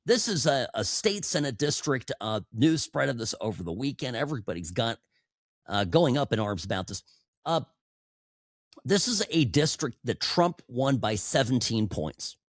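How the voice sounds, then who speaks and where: A man's voice: medium pitch, sing-song, normal speed, no echo. A man hosting a political talk podcast, delivering a sarcastic monologue that often stumbles and repeats words, into a studio microphone. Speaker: podcast host.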